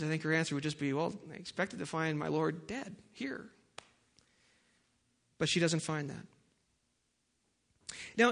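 High-voiced man preaching casually. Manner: casual, conversational preaching with fillers; prays in a soft, lowered voice. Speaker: pastor. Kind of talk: sermon.

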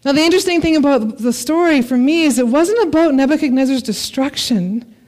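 High-voiced woman preaching a sermon. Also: fairly quick. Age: adult parent. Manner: expressive, dramatic scripture reading with laughs.

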